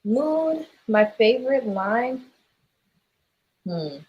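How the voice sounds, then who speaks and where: Young New Orleans-accented woman guest, husky voice pitched a little high, chatty and laughing. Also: drawn-out words, muffled recording. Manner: lively, laughs often. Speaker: guest actress. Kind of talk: casual interview chat.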